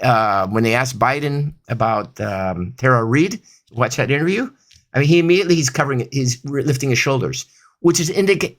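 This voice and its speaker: A man's voice: mid-range voice, fairly bright tone. A man teaching body language and voice control in an explanatory talk, demonstrating examples and checking in with frequent asides.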